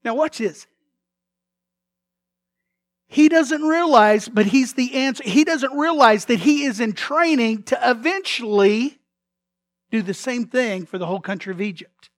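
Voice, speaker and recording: A man preaching a sermon as pastor, telling the story in a lively way, acting out the figures' lines and often repeating words as he restarts. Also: very high voice, moderate pace, no room sound, clean studio sound. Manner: animated storytelling, acts out characters' lines.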